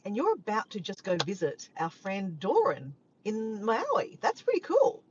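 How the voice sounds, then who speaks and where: A woman from Australia with an Australian accent, chatting casually and warmly with live viewers, sometimes breaking into bits of song. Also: mid-range voice, wildly swooping pitch, unhurried. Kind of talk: casual live-stream chat. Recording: dull lo-fi sound with faint background noise.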